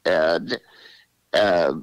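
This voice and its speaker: A man in his sixties, a comedian guest telling animated stories in an interview and slipping into voices. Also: deep voice, very slow, smooth, no room sound, poor audio. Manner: animated, drops into character voices. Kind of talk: storytelling interview.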